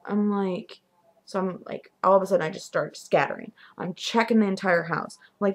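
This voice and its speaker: A young woman casually telling her own ghost stories to the camera in a vlog, animated, dropping to whispers at the spooky moments. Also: medium pitch, normal speed. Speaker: vlogger. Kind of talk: casual storytelling.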